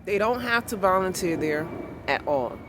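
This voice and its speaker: A woman vlogging and telling a story in a blunt, animated way that turns heated. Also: lowish voice, moderate pace. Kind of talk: casual storytelling vlog. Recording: clear outdoor street noise behind.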